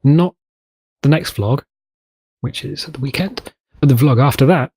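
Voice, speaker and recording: A man's voice: mid-range voice, normal speed, darkish tone, husky. A man from the United Kingdom hosting a let's play, chatting casually and rambling through gameplay commentary with frequent restarts.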